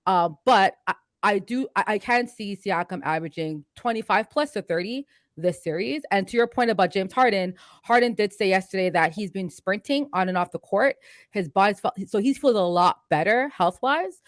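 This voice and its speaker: A woman guesting on a casual sports podcast, talking fast and emphatically with lots of "like" and restarts. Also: medium pitch, expressive, dry recording, clean studio sound. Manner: fast, emphatic, many repeated starts and "like"s.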